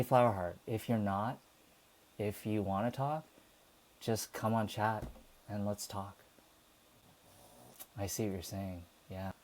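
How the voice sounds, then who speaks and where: A man's voice: mid-range voice, a little mellow. A man hosting a livestream, talking casually and passionately to his chat, rambling and swearing. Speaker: livestream host.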